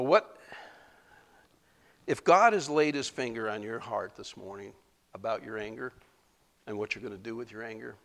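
A man's voice: medium pitch, gravelly. A male pastor giving a sermon, conversational and emotional, often laughing and saying "you know". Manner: conversational preaching with frequent laughs and fillers.

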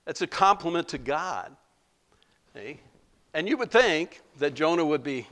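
A man preaching a sermon as pastor, animated, acting out quoted voices with big jumps in pitch. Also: slow, pauses often.

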